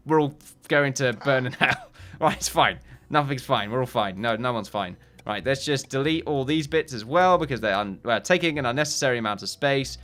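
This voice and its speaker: In a mid-range, pushed and bright voice, a man hosts a let's play for his gaming channel. He rambles through casual commentary, joking around and mocking himself.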